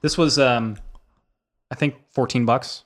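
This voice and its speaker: A man's voice: mid-range voice, fairly even intonation, measured pace, a loud crowd. A man co-hosting a casual podcast chat, explaining at an easy pace with a few fillers. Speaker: podcast co-host.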